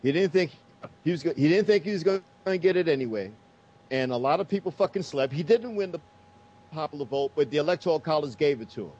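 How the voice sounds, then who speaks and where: Talk show host, male, angry and profane political monologue, slightly high voice. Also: animated, fast talker, darkish tone. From United States. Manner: heated, profane, emphatic. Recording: dull lo-fi sound.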